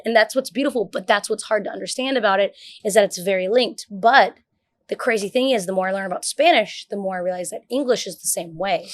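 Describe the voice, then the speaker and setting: A young woman talking quickly on a podcast, looping through her thoughts with plenty of "like" and "um". Her voice sits at a middling pitch, and the sound is dry and close with no room echo. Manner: fast, rambling, many fillers. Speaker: podcast guest. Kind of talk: casual chat.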